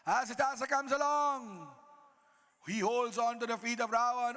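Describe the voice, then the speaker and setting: A man's voice: very high-pitched, moderate pace, bright, forceful tone. A man narrating a devotional epic to devotees, dramatic with folksy asides. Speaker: Ramleela narrator. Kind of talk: devotional storytelling to an audience.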